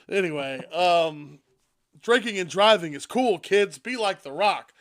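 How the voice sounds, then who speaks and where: An excitable man co-hosting a podcast, swearing freely and bursting into loud outbursts. His voice is high for a man and bright, almost tense in tone. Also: a little slow. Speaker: podcast co-host. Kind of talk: casual chat.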